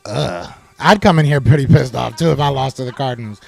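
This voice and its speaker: A man hosting a live sports podcast, reading chat comments aloud and answering them with animated trash talk. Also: on the high side, brisk, vocal fry, few pauses, no room sound, soft background music.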